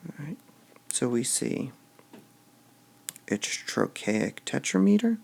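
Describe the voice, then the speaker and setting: Slow, gravelly man teaching. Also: medium pitch, big pitch swings, darkish tone, a little hiss or hum. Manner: slow, deliberate, stressing syllables aloud. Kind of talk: classroom lecture on poetic meter.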